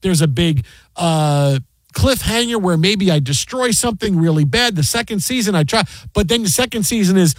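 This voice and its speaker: A man hosting sports radio, excitable and laughing often, tripping over his words in casual banter. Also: sits high, a little fast, no echo. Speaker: radio host.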